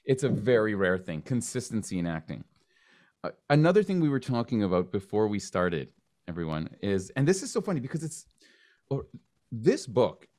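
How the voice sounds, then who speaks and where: Animated storytelling man, lowish voice. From Canada. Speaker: podcast host. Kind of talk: casual interview conversation.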